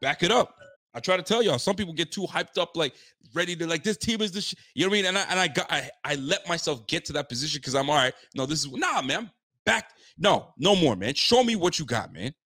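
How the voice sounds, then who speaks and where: A man's voice: on the high side, lively intonation, quick pace, sharp tone. A man giving a frustrated, blunt post-game reaction, repeating himself and using casual slang. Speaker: sports fan commentator.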